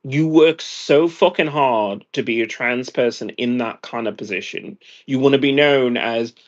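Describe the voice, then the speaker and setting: A man's voice: mid-range voice, measured pace, muffled recording. An exhausted American man venting angrily in a profane monologue. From United States. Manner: angry, profane rant. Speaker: vlogger.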